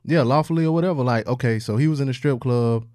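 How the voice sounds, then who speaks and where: A man's voice: medium pitch, quick pace, dark tone, no echo, clean studio sound. A man in a casual podcast chat, arguing his point with confidence in loose slang.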